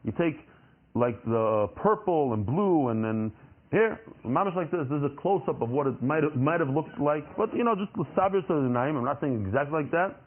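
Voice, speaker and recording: A man's voice: on the high side, lively intonation, moderate pace. A man giving a Talmud lesson, explaining by asking questions and answering them himself. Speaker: Talmud teacher. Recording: tinny phone-like recording.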